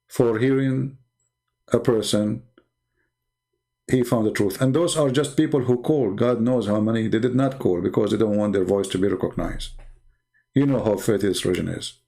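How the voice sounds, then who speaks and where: Tired and strained, this debate show host, a middle-aged native Arabic speaker, preaches emphatically on a late-night livestream in non-native grammar. His lowish voice is gravelly and warm, at a normal speed.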